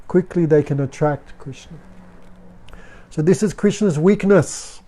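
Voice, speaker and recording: A man with a fairly high, slow, mellow voice teaches a devotional spiritual class to students. He speaks in short, simple phrases of broken English, breaks into chanted verses, and stays patient and explanatory.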